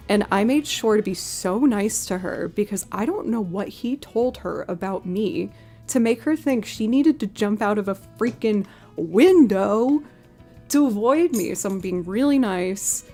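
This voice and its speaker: A woman streamer telling a personal story in casual chat, acting out the people she quotes with sudden jumps in pitch. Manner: animated storyteller who acts out quotes with big pitch jumps. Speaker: streaming musician.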